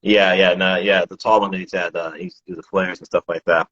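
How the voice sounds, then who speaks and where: A man's voice: low voice, little pitch movement, fast talker, a bit bright, lo-fi sound. A man, a breakdancer, chatting casually in an interview, rambling with lots of restarts and slang. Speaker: breakdancer guest.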